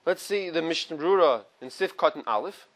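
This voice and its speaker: A man's voice: fairly high pitch, animated, a little fast, a bit bright. A man teaches a small morning Torah class. He reads Hebrew and Aramaic phrases from the text, translates each one, and adds casual, conversational asides. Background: small study group in the room.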